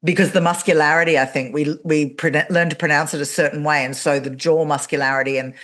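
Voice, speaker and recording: A woman's voice: sits low, fairly even intonation, fast talker, fairly bright tone. A woman who hosts a podcast, speaking with a mixed Australian and English accent, chatting with her guest over a video call. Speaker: podcast host. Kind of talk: interview chat.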